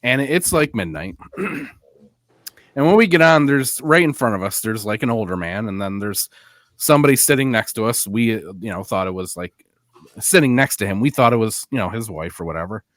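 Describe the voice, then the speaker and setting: A man's voice: lowish voice, a little fast, no room sound, studio quality. Laid-back man telling a story on a podcast. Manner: animated storyteller, laughs at his own story. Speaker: podcast co-host. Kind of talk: casual chat, storytelling.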